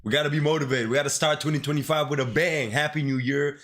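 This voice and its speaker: A little high and a bit bright, the man's voice holds a steady tone and moves fast. He's a Caribbean-accented streamer coding live, chatting with viewers in easygoing slang and speaking right to them.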